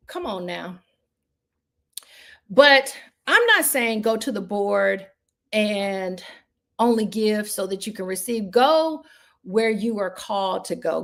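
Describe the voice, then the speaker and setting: A woman real estate trainer giving an online motivational training session, fervent and preacher-like, talking to her audience as y'all. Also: on the high side.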